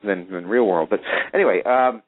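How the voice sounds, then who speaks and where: A man's voice: fairly low pitch, moderate pace. Man on a tinny phone line. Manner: rambling, restarts with filler words. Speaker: radio show host. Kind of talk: casual wrestling chat.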